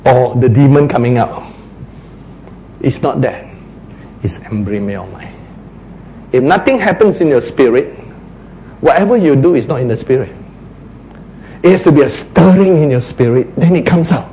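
A man preaching a sermon, acting out quotes, sometimes shouting and then dropping to a hush. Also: medium pitch, moderate pace, long pauses, muffled recording, slight background noise. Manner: animated, acts out quotes, shouts and drops to a hush.

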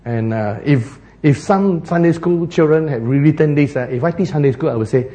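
A man's voice: a little high, fairly quick, warm tone. A man preaching a sermon, telling the story with animation, laughing often and acting out the characters.

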